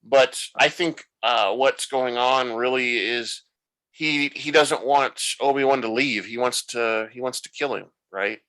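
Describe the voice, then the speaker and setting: A man with a bright, forward voice retells a show's plot in casual podcast chat. He wanders through the story and thinks aloud as he talks. His pitch sits in an ordinary middle range. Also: a little slow, poor audio. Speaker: podcast host. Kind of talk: casual episode recap.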